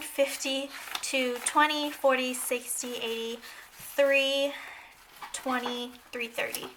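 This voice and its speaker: A woman's voice: a little high, pushed and bright, slight background noise. A woman vlogger chatting casually and a bit scatter-brained while she counts cash into budget envelopes.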